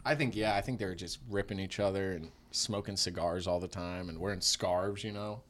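A man's voice: sits low, steady tone, moderate pace, fairly bright tone. A man in his thirties chatting casually on a comedy podcast, rambling with lots of fillers. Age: 30s. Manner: rambling, many fillers and restarts.

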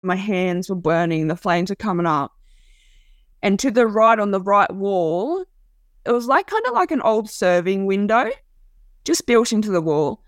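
A woman tells her own story in halting, raw bursts, restarting and circling back over her words. Her voice sits at a middle pitch, and the recording is dry and close with no room sound. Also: lively intonation, dry recording. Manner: halting, raw, repeats herself. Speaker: interviewee telling her story. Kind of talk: personal testimony.

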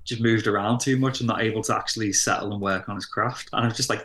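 A man's voice: on the low side, steady tone, fast talker, hardly any pauses, pushed and bright. A man co-hosting a podcast, wry and teasing in casual chat. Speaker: podcast co-host. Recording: roomy echo.

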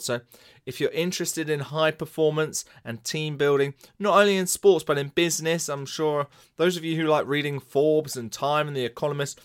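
Smooth-voiced chatty male podcast host. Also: mid-range voice. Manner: chatty, upbeat, self-deprecating. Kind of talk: casual podcast monologue.

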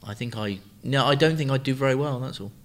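A man's voice: mid-range voice, fast talker, a bit bright. A man, co-hosting a podcast in casual chat, easygoing and reflective, given to rambling. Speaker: podcast co-host.

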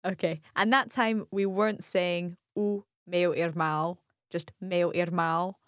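A woman's voice: lowish voice, fairly even intonation, unhurried, dry recording, studio quality. A woman with a Scottish accent co-hosting a language podcast as the learner, asking careful follow-up questions. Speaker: learner co-host.

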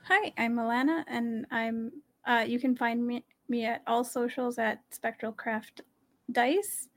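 Halting higher-voiced woman player. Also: steady tone. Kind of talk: casual chat.

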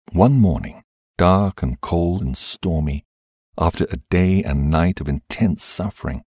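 A man reading a book aloud calmly as a podcast host, in scripted narration. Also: low voice, husky, no room sound, clean studio sound.

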